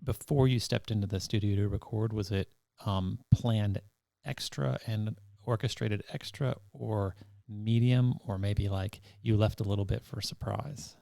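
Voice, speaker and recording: Low gravelly man hosting. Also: fairly even intonation, measured pace, dry recording, clean studio sound. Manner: soft-spoken, rambling questions with restarts. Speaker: podcast host. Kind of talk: interview questions.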